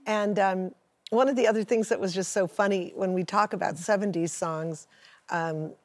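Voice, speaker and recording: Animated woman in her sixties, dry studio sound. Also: medium pitch, moderate pace, no echo. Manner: chatty, animated storyteller. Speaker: guest. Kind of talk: talk show interview.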